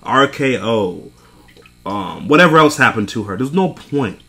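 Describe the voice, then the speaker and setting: Young man, casual wrestling recap rant, lively pitch, bright voice, swears a lot, exasperated. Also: measured pace. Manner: animated, exasperated, swears often, laughs between points. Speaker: wrestling show reviewer.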